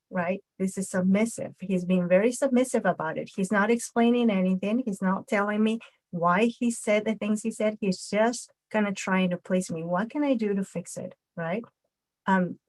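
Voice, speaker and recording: A woman instructor talks through a puppet demonstration, stepping through each point and checking in with a steady run of tag questions. Her voice sits at a middle pitch. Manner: frequent tag questions, explains step by step.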